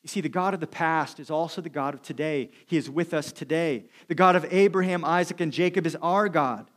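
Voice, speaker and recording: A man preaching with a fairly high voice. He delivers the sermon earnestly, easing down to a slow, hushed tone when he wants a line to land. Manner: earnest preaching, slows and drops quiet for emphasis. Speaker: pastor.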